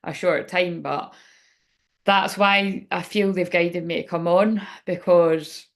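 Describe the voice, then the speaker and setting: A woman's voice: on the low side, steady tone, slow pace. A woman speaking as a spiritual reader in a rambling, frank livestream chat, swearing now and then.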